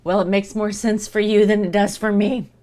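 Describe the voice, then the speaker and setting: In a mellow, mid-range voice with a level tone and ordinary pace, a livestreaming woman chats easily with her audience between bites of food.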